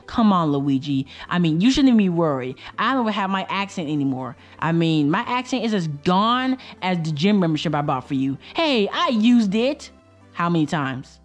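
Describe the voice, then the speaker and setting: A woman's voice: lowish voice, very animated, moderate pace, soft background music. A woman voicing a bossy, sarcastic young male plumber in a plush puppet comedy skit, teasing and blunt.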